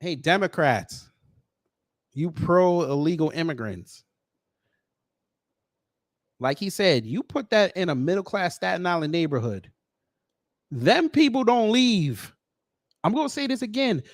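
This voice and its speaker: A man hosting a reaction commentary channel, talking in an animated, sardonic, conversational way. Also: high voice, unhurried, pauses often, no echo, clean studio sound.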